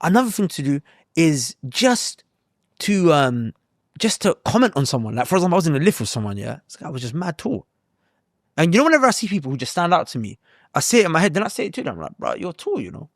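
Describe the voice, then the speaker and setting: A man's voice: fairly high pitch, very animated, fast talker, no echo, studio quality. A young man, telling stories in a casual, slangy podcast chat and often repeating himself. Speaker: podcast host.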